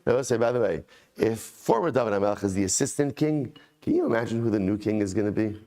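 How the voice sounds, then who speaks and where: A man, a rabbi, teaching a daily Talmud class. He chants the original text, then explains it conversationally, with excited emphasis and repeated phrases. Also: on the low side, fast talker.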